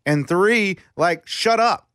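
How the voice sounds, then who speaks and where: A man's voice: high voice, lively intonation, a bit bright, dry recording, clean studio sound. A man co-hosting a sports talk show, teasing the others in casual banter. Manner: teasing, quick to mock. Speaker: radio show co-host.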